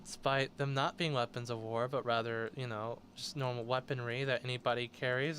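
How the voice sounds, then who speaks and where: A man's voice: mid-range voice, fairly even intonation, brisk, few pauses, a bit bright, clear, resonant tone. A man hosting a show, reading news articles aloud and breaking in with blunt, sarcastic comments. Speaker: host.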